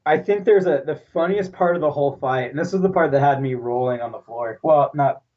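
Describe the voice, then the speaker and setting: A man's voice: fairly high pitch, a little fast. A man co-hosting a casual movie podcast, rambling and restarting as he recalls scenes. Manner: rambling, restarts, laughs along. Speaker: podcast co-host. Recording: dull distant mic.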